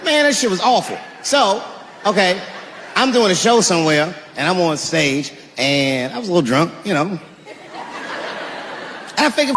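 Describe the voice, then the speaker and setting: A man performing a stand-up comedy set, telling stories with animated delivery and bursts of shouting. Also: sits high, normal speed, pauses often, long reverb tail, background noise.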